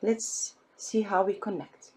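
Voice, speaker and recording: Woman, teacher, very slow delivery, husky voice, patient step-by-step. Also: medium pitch, steady tone, warm tone. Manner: patient, spells out letters and syllables one by one. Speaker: Arabic teacher. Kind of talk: slow step-by-step language lesson.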